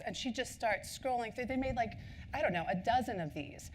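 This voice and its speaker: A woman's voice: fairly high pitch, fairly quick, a little hiss or hum. A woman speaking at a marketing conference. She tells stories in a chatty way, with lots of ums and asides. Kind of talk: conference talk.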